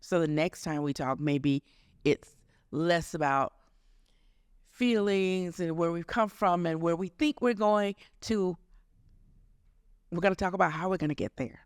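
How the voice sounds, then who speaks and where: A man's voice: on the high side, measured pace, pauses often, smooth, no echo, studio quality. A man co-hosting a casual podcast. He steers the talk in a thoughtful way and laughs easily. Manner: guiding, reflective, laughs easily. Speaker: podcast co-host. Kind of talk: casual chat.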